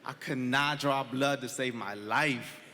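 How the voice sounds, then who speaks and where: A man's voice: mid-range voice, unhurried, a little hiss or hum. Man telling a story on stage. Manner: conversational, animated, laughs between lines. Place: theater stage before a live audience. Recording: live stage recording with long hall reverb.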